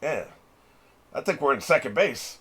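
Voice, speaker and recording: Middle-aged guy with a slightly raspy voice and animated pitch, casual reaction-channel host. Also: normal speed. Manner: chatty, swears freely, laughs often.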